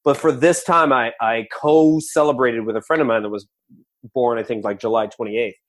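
A man's voice: medium pitch, steady tone, moderate pace, fairly bright tone. A man in his forties, a podcast guest, talking casually and energetically with lots of restarts. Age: 40s.

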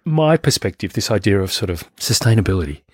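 A man's voice: fairly low pitch, big pitch swings, quick pace, husky, no echo, clean studio sound. A man, a film producer, chatting as a podcast guest, musing with lots of fillers and restarts. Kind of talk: casual interview chat.

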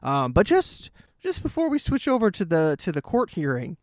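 Male podcast co-host, somewhat high voice, dry close mic, relaxed agreeable manner. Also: no room sound. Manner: easygoing, quick to agree and chuckle. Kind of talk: casual chat.

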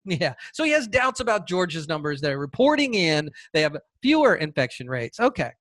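A man hosting his own podcast, talking casually in a sarcastic, animated way with mocking asides. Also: on the high side, normal speed, dry recording. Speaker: podcast host. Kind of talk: casual opinion podcast monologue.

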